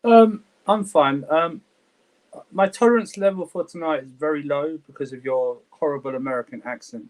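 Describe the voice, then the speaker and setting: A man's voice: on the high side, normal speed, low-quality recording. A man on a football podcast panel, grumbling playfully at the host and the chat. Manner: mock-grumpy, scolding chat.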